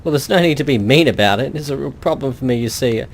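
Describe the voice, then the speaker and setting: A man's voice: medium pitch, animated, fast, vocal fry, slight background noise. A man voicing a drunk old male fisherman who slurs a salty sea-dog way of talking and calls everyone matey. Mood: pleading. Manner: slurring sea-dog talk, says matey.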